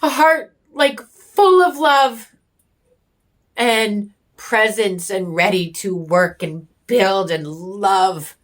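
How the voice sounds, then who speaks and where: A homesteading vlogger, a woman, giving a raw personal reflection to camera, candid and heated, swearing often and pausing as she searches for words. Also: medium pitch. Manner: bitter and angry.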